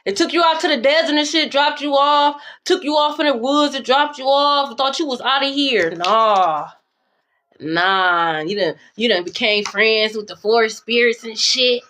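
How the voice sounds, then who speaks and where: A high-pitched woman gives a casual tarot reading. She talks brashly and swears freely, drifting into playful sing-song lines. A faint hiss of noise sits under the recording. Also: moderate pace, pushed and bright. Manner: brash, profane, sings along and shifts pitch playfully. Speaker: tarot reader.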